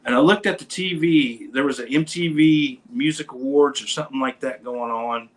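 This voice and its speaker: A man hosting a casual show, telling a rambling, animated anecdote about meeting a band. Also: mid-range voice, moderate pace, poor audio. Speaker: podcast host; bass player in a metal band. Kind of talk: casual storytelling chat.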